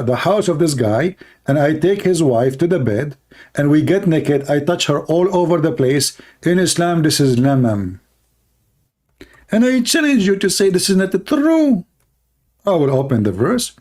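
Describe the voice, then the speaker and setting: A man's voice: fairly high pitch, lively intonation, unhurried, darkish tone. Confrontational man in heated live debate. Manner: confrontational, challenging listeners; broken non-standard English grammar. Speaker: livestream debater.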